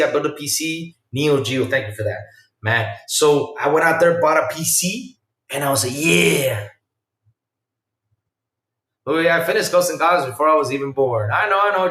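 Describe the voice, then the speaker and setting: A man hosting a casual podcast chat, telling stories in an animated way that swings from loud to quiet. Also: medium pitch. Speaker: podcast host. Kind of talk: casual chat with a live chat audience. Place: home room. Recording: roomy sound from a distance off the mic.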